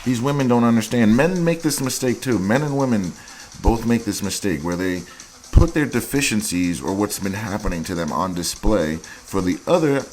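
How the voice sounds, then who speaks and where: A man's voice: lowish voice, animated, moderate pace, darkish tone, slight background noise. A man hosting a dating advice show, giving blunt, crude and mocking commentary on dating profiles.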